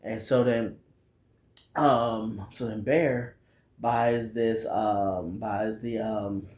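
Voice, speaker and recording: Male reviewer, casual and slangy, unhurried, full of fillers, recorded in an echoey room. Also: lowish voice, fairly even intonation, a little mellow. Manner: slangy, rambling, lots of fillers and acted quotes. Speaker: movie reviewer. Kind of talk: casual movie recap.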